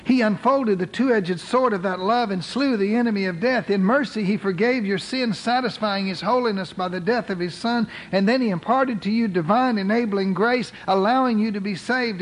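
A man with a notably high voice delivers an earnest sermon. He reads scripture slowly, leaning hard on single words, then presses his point to the congregation. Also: rough recording. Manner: earnest preaching, slow emphatic scripture reading. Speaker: pastor.

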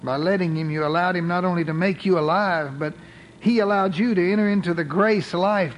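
A man with a notably high voice delivers an earnest sermon. He reads scripture slowly, leaning hard on single words, then presses his point to the congregation. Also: a little hiss or hum, rough recording. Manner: earnest preaching, slow emphatic scripture reading. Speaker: pastor.

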